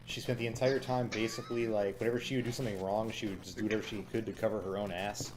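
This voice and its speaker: A man casually reviewing a show, chatty and cynical, with frequent fillers, breaking into quick impressions of lines he quotes. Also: fairly low pitch, level tone, noisy background.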